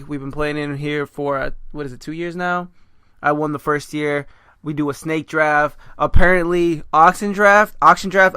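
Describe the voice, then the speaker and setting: A man's voice: fairly high pitch, sharp tone, clean tone, dry recording, studio quality. A man hosting a casual podcast chat, rambling and joking at his own expense. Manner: rambling, joking and self-mocking. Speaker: podcast host.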